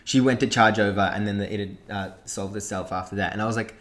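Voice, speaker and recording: A man's voice: on the low side, fairly even intonation, quick pace, fairly bright tone. A young Australian man, a podcast co-host, telling a long story in casual chat and swearing freely along the way.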